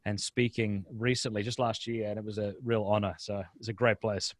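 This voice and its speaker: A man, a guest speaker on a video-call webinar, telling stories in a lively, casual way with quick restarts. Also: fairly low pitch, no room sound, studio quality. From Australia. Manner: lively storyteller, frequent restarts. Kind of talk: casual interview chat.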